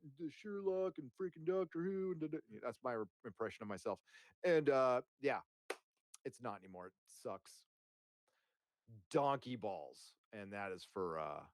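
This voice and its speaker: A man with a mid-range voice runs a live stream, bantering loosely with his audience and a guest while cursing often and wandering off topic. He uses headphones and a desk mic, and there's no room sound.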